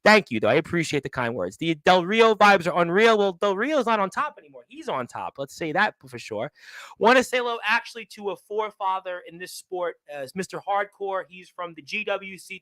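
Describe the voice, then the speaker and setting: A man's voice: high-pitched, fairly bright tone, no room sound, rough recording. A man hosting a wrestling talk show, teasing his guest and reading out listener comments. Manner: teasing, playfully needling the guest. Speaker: radio show host.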